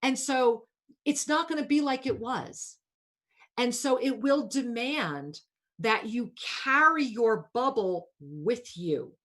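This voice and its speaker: A woman's voice: on the high side, animated, slow pace, fairly bright tone. A woman hosting a spiritual talk radio show, coaching a caller in a soothing, affectionate way and calling her pet names.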